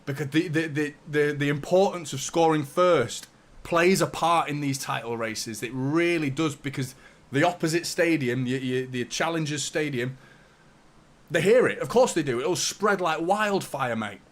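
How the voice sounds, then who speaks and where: On the high side and at normal speed, a young man's voice carries his live football watchalong commentary. The fan channel host keeps it chatty, swears a lot and reads out super chats from viewers.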